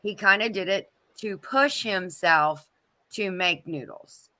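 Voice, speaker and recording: A woman's voice: mid-range voice, takes it slowly, pushed and bright. A woman co-hosting a casual live chat, chatty and giggly, greeting viewers by name.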